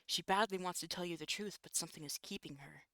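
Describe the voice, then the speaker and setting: Bright-voiced visual novel narrator. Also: mid-range voice, fast, no room sound, studio quality. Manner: steady storybook narration with asides. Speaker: streamer reading a visual novel.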